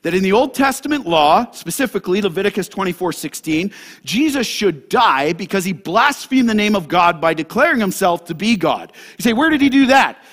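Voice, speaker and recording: A man pastor preaching a sermon to a congregation, animated and direct, moving between loud emphasis and hushed asides. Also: sits high, a little fast. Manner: animated, talks straight to the congregation.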